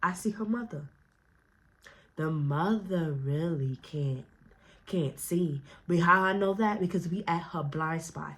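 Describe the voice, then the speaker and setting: A young woman with a fairly low voice takes her time retelling a story, slangy, profane and animated in a casual way. She voices the other people's lines herself.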